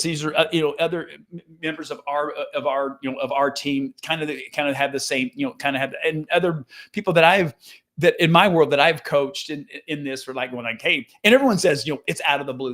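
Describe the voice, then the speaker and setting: A middle-aged man, a business coach, telling a long rambling story with many restarts and lively quoted dialogue. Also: fairly high pitch. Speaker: business coach and real estate agent. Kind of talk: casual storytelling monologue.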